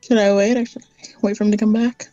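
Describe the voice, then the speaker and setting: A woman's voice: mid-range voice, flat delivery, fast talker, warm tone, no echo, muffled recording, faint music behind. A woman playing a character in a tabletop game, narrating her actions in first person. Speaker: player.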